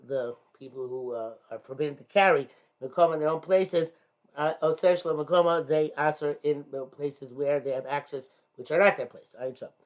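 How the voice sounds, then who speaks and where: A man teaching a religious text, reading phrases aloud and explaining each one in English, with many pauses and "uh"s. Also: fairly high pitch. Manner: reads Hebrew-Aramaic phrases then explains in English, many hesitations. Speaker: Talmud teacher. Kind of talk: text study lesson, reading and translating.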